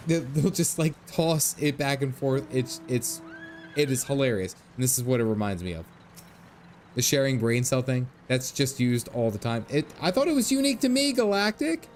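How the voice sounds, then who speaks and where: A man's voice: mid-range voice, darkish tone. A man in his thirties streaming a game, chatting casually with lots of laughs, dad jokes and game lines read aloud. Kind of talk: casual gameplay commentary.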